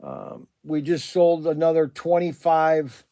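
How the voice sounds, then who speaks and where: A man hosting a casual livestream, rambling and animated with many restarts and fillers, talking up his shop plans. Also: on the high side, takes it slowly, no echo, clean studio sound. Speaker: livestream host and shop owner.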